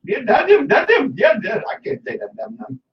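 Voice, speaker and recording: A man's voice: very high-pitched, wildly swooping pitch, normal speed, highs cut off, voice pushed up, full character voice. A man on a radio prank call, voicing a rambling, teasing man who claims to be a singer from Pakistan. He uses broken English and a put-on Pakistani accent. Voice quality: scratchy voice.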